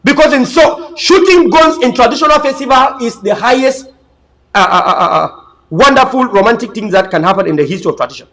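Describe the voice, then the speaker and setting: A man's voice: very high voice, lively intonation, fairly quick, a bit bright, poor audio. A man giving an impassioned political talk, emphatic and preachy, repeating himself and stumbling over words. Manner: emphatic, repetitive, preachy, with frequent stammered restarts. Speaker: political commentator.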